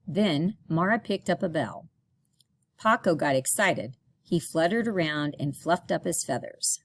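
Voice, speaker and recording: A woman reading a children's picture book aloud in a slow, expressive storytelling manner. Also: sits low, no echo. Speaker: storybook reader.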